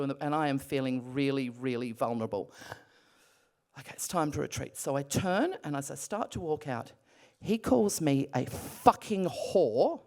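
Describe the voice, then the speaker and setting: A middle-aged Australian woman retelling a personal story in an animated, breathless way, full of restarts. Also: low voice. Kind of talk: casual spoken storytelling.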